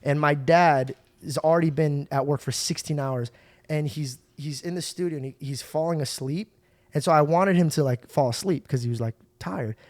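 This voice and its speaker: A young man hosting a podcast, telling stories in a casual, animated way. He swears and acts out the people in his stories. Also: fairly high pitch, moderate pace, dry recording. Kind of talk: casual storytelling chat.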